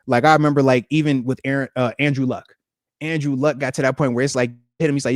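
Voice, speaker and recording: A man's voice: mid-range voice, steady tone, fast talker, dry recording, studio quality. A man hosting a podcast, chatting casually and acting out quotes in slangy banter. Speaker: podcast host, retired linebacker. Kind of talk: casual chat.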